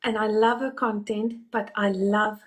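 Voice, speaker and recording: A woman's voice: mid-range voice, level tone, unhurried. A woman hosting a casual live-stream chat who encourages her guest with short affirmations.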